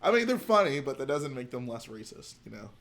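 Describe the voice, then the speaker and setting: A man hosting a livestream from home, chatting in a loose, rambling way as he works. His voice sits at an ordinary middle pitch, and he thinks aloud as he goes. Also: big pitch swings, a little fast, fairly bright tone. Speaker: livestream host. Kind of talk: casual chat while building.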